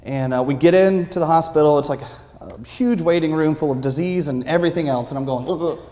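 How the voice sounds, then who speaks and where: A man preaching, telling a lively personal story with acted-out quotes in a church. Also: fairly high pitch, a little fast. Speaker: pastor. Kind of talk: sermon storytelling. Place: church sanctuary. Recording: long reverb of a church sanctuary.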